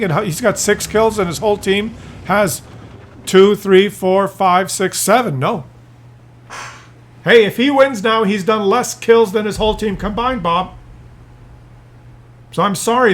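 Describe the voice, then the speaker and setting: Exasperated, high-pitched male game commentator. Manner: exasperated, incredulous, animated. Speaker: gameplay commentator. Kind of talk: replay commentary.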